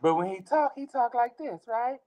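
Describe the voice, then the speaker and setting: A middle-aged man, a comedian guest, telling casual funny stories with lots of laughter and sudden jumps into high mock voices. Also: animated, moderate pace, warm tone.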